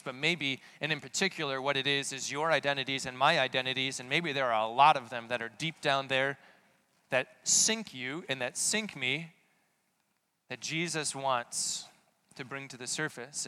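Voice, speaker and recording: A man's voice: on the high side, bright, forceful tone. A man giving a conversational sermon, asking many rhetorical questions. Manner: casual, full of rhetorical questions. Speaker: preacher.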